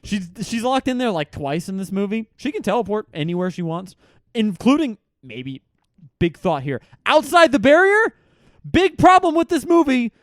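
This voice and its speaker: A man's voice: very high-pitched, lively intonation, moderate pace, a bit bright, no room sound, studio quality. A man co-hosting a casual movie podcast, talking bluntly with frequent swearing and laughter. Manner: blunt, profane, laughs often. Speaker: podcast co-host. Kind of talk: casual movie review chat.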